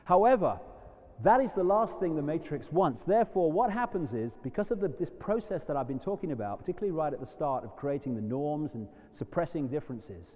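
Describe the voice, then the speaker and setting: A man giving a rambling, impassioned live lecture to an audience. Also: a little high. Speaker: public speaker. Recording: dull lo-fi recording in a long-reverb hall.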